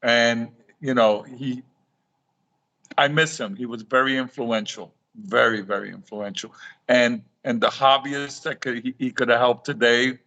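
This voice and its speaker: Middle-aged man telling lively stories. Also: mid-range voice, unhurried, dull audio. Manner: animated storytelling, acting out quoted dialogue with repeated restarts. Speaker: guest, reef aquarium author. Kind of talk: storytelling in a live talk show interview.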